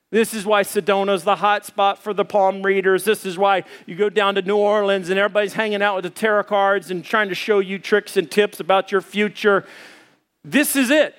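A man in his thirties preaching a sermon as pastor, telling stories with lively voices for the people in them. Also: high-pitched. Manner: animated storytelling, acts out voices of others. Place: church auditorium with audience.

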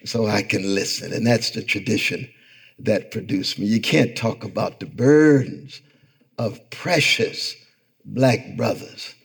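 A middle-aged man giving a public lecture to a live audience in an event hall, speaking with a rhythmic, sermon-like cadence that swells toward near-shouting as he calls out to the crowd. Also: fairly low pitch, husky. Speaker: guest lecturer.

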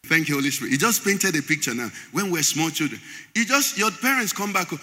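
A man's voice: fairly high pitch, expressive, fairly quick, sharp tone. A man preaching a sermon, quizzing the congregation so they fill in his words. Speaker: pastor. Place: large church hall. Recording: echoey church hall.

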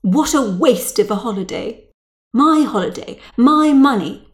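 A woman's voice: fairly high pitch, lively intonation, unhurried, pitched above the performer's own voice. A woman voicing a self-pitying, snobbish middle-aged mother who grumbles in a plaintive voice. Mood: complaining.

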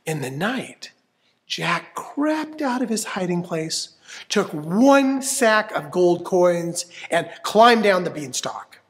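A man's voice: high-pitched, very animated, slow pace, a bit bright. A man reading a fairy tale aloud expressively, inviting listeners to join in. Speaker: storyteller. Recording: long hall reverb.

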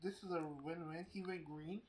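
A man with a high-pitched voice talks on a casual podcast. He reasons his points out aloud in a deadpan way. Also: normal speed, a crowd in the background, poor audio. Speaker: podcast co-host. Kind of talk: casual chat.

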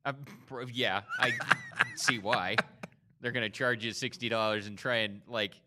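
A man's voice: fairly low pitch, steady tone, unhurried, heavy background noise. A man co-hosting a podcast in casual chat, laughing along and chiming in with short reactions. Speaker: podcast co-host.

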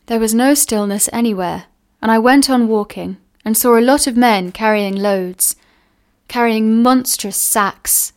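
A woman reading a novel aloud in a measured, unhurried way. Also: on the high side, smooth. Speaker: reader.

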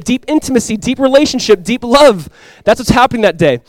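A young man preaching a sermon as a pastor. He talks in a casual, conversational way with lots of "like," and swings from quiet, earnest lows to loud, excited highs. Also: fast talker, hardly any pauses, no room sound. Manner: casual and conversational, with many "like" fillers.

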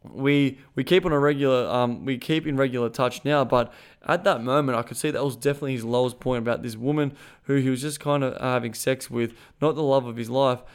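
A man's voice: medium pitch, fairly even intonation, fairly quick, clean tone. A man hosting a podcast as a sexuality coach, talking in a frank, emphatic and profane way, with many restarts. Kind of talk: casual monologue.

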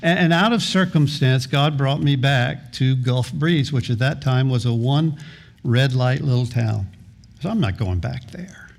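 A man's voice: medium pitch, a little slow, vocal fry. A middle-aged man preaching a sermon as pastor, earnest, often repeating words and restarting phrases, sometimes half-singing lines of a hymn.

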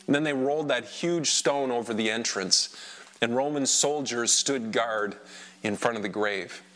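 A man performing an emotional first-person dramatic monologue, swinging between hushed lines and loud outbursts. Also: medium pitch, measured pace. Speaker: dramatic storyteller.

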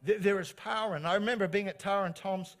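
A middle-aged man, preaching a sermon as pastor in an animated, encouraging way, repeating phrases for emphasis. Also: high voice, quick pace, faint music behind. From New Zealand.

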